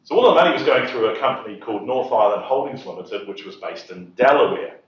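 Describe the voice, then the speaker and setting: A man's voice: mid-range voice, animated, quick pace. A man telling a humorous story to an audience at a property investors' event, chuckling at his own punchlines. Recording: echoey hall, distant mic, dull sound.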